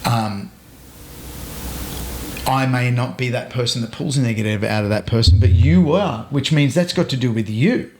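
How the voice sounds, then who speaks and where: A man chatting as a guest, telling stories in a frank and relaxed way. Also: mid-range voice, moderate pace. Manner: relaxed storytelling, frank and earthy. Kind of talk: casual conversation. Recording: roomy echo.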